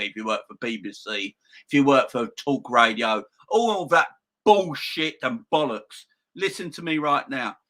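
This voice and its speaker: A young man hosting a football fan channel, ranting loudly and excitably with plenty of swearing. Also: medium pitch.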